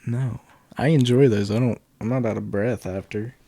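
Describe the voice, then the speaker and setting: Guest, young man, deadpan joker, dry close mic, mid pitch. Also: normal speed, gravelly, no echo. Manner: joking, deadpan one-liners. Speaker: podcast guest. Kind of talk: casual chat.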